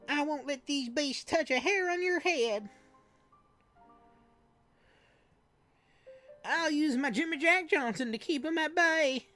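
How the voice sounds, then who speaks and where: A woman's voice: moderate pace, a bit bright. A woman doing an earnest young boy hero. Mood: protective. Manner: high, declaiming, melodramatic. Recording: faint game music behind.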